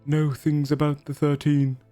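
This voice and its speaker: Guy putting on a sad whiny ghost servant, higher pitched, soft music under it. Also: monotone, a little slow, no echo, natural voice. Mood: mournful. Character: mournful ghost servant bound to a wizard.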